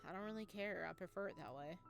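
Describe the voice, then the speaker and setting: A woman voicing a withdrawn young male shop assistant who speaks tersely and flatly. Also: high voice, fast, gravelly, over music, pitched below the performer's own voice. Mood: aloof. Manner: flat, terse and quiet.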